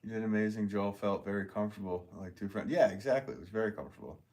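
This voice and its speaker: A man with a notably low voice hosts a casual live stream and reads viewer comments aloud. He is upbeat and chatty, laughs often and thanks people warmly. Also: fast talker. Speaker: potter hosting a live stream.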